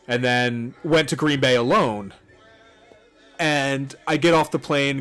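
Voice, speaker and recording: A man's voice: mid-range voice, fairly bright tone. A man co-hosting a podcast movie watchalong, telling stories in casual, profane chat and laughing often. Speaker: podcast co-host.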